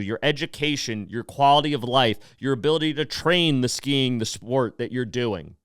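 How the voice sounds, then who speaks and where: Lively, clear-voiced man ranting. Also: on the high side, no room sound, clean studio sound. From United States. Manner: heated, profane ranting; sarcastic. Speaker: podcast host. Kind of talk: casual podcast monologue.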